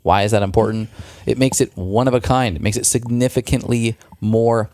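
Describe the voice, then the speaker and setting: A man co-hosting a podcast chats enthusiastically about a product, restarting himself often, in a casual product pitch. His mid-range voice is mellow and steady at a moderate pace. The recording is dry, with clean studio sound.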